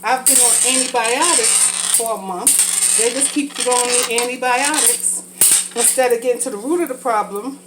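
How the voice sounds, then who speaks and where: Speaking at a moderate pace, a female vlogger talks casually and honestly as she cooks, her mind skipping from one thought to another. Her voice is a little high and slightly congested from a sinus infection. The recording is very noisy.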